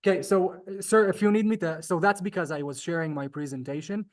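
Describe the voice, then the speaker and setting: A man's voice: high-pitched, brisk. Polite young-sounding male Hebrew teacher. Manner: polite, says "sir" often, chatty. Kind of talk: live beginner language class. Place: synagogue classroom, also streamed on Zoom.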